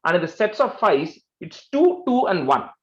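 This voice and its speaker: A man's voice: high-pitched, big pitch swings, moderate pace, reverberant, lo-fi sound. A man teaching a class on chanting, patiently repeating syllables and explaining how each sound is emphasized. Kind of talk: online class instruction.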